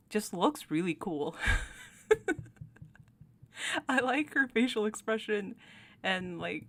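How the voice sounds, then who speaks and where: Lively, unhurried woman chatting about game cards. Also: medium pitch. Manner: chatty, giggly, with many fillers and restarts. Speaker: YouTube host ranking game cards. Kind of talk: casual commentary.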